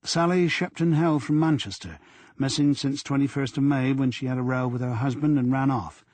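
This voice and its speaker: A man's voice: medium pitch, fairly even intonation, normal speed, a little mellow, dry recording, lightly acted. A man voicing an earnest, deferential young male detective sergeant in an audiobook. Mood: reporting.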